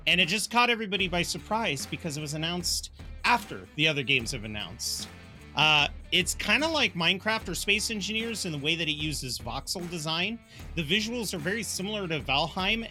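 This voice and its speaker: A man's voice: high-pitched, lively intonation, normal speed, pushed and bright, soft background music. A man hosting a casual podcast, upbeat as he runs through the week's schedule and brings in the next topic. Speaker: podcast host. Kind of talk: casual podcast chat and announcements.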